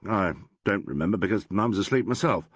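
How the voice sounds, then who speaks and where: A man reading the part of an irritable, dismissive businessman in an audiobook, with a husky voice. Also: lowish voice, a little fast, dry recording, close to an everyday voice. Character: peevish, blunt middle-aged businessman.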